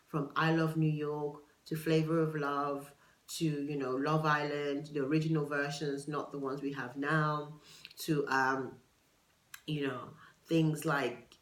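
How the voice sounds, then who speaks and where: A woman from the United Kingdom hosts a solo video podcast captured on a camera, chatting casually with gossipy digressions. She has a deep voice, and the rough recording has an echoey room sound.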